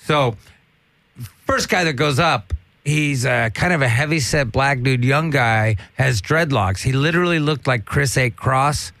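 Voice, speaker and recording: A stand-up comedian swapping stories in casual chat, rambling and swearing freely. His voice is gravelly with fry at mid pitch. The sound is dry and close. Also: unhurried, fairly bright tone, dry recording. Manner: profane, rambling storyteller.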